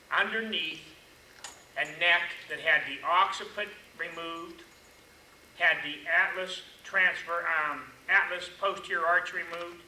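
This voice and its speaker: Older man lecturing in an echoey room. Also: on the high side. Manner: folksy, animated anecdotes with acted-out quotes. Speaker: chiropractic lecturer. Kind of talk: storytelling seminar lecture. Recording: echoey room, far mic, noisy.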